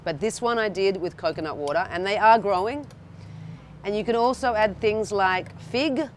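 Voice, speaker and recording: An Australian woman teaches a cooking workshop to a live group in an indoor room, chatty and checking in with her audience, often restarting sentences. Her voice is medium-pitched at normal speed, with slight background noise.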